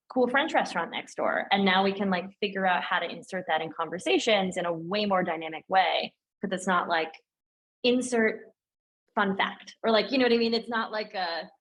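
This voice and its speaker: A young woman speaking as a guest in a casual interview, animated and chatty, filling her talk with "like" and "um". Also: fairly low pitch, low-quality recording. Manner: animated and chatty, heavy use of "like" and "um". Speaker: guest, operations lead at a tech firm.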